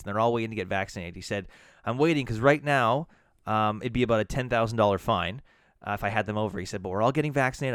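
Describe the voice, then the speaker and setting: A man, a bartender and podcast co-host, telling a profane, animated story with frequent restarts. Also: medium pitch, clean tone, no echo, clean studio sound. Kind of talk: casual chat.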